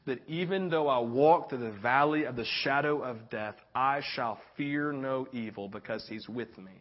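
A middle-aged male pastor with a fairly high voice preaching in a church sanctuary. He swells in loudness to drive a point home and tells homey stories, tossing in "right?" again and again. The recording sounds dull and lo-fi. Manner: repeats key phrases, rises and swells in loudness for emphasis; folksy storytelling with frequent tag questions. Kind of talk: sermon.

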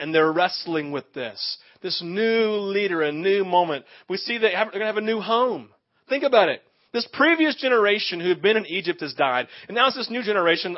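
Man, pastor, high voice, animated sermon, plays out quoted voices, muffled lo-fi sound. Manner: animated, acts out quoted voices, asks the audience questions.

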